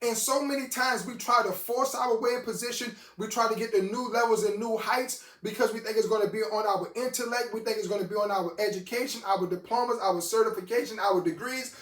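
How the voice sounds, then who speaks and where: A man's voice: sits high, fairly quick, few pauses, echoey room. A man preaching a sermon as host of his own show, telling a story with lots of quoted dialogue. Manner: animated storyteller quoting others in dialogue.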